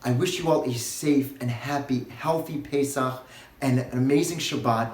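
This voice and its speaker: A man's voice: medium pitch, moderate pace, a little mellow. A man giving a short recorded sermon as a rabbi, earnest and building to impassioned, pleading questions. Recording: roomy echo, faint music.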